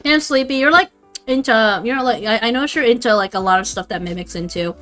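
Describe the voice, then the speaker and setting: A woman's voice: on the high side, fairly quick, a bit bright, soft background music. A young adult woman chatting casually on a livestream, rambling and swearing freely. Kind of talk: casual stream chat.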